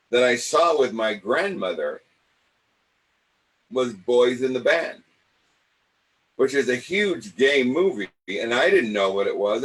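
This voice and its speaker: An older man, an acting coach, tells stories from his own life with an animated, theatrical delivery. His voice sits at an ordinary middle pitch. He slips into the voices of the people he remembers as he goes. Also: rough recording. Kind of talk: personal storytelling.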